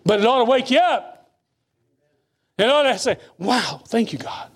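A man preaching a sermon, reading scripture slowly and dropping to hushed asides between emphatic lines. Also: very high-pitched, animated. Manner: reads scripture slowly and deliberately.

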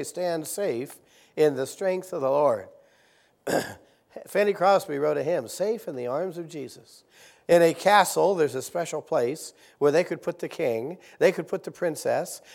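A middle-aged man preaching a sermon, leading his congregation in call-and-response Bible reading and rising from soft-spoken asides to loud, emphatic exhortation. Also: on the high side. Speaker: visiting preacher. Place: church sanctuary.

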